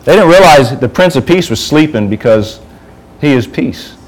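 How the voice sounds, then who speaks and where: A man's voice: fairly high pitch, lively intonation, moderate pace, low-quality recording. A man giving an informal sermon to a youth group, talking conversationally and asking the group questions.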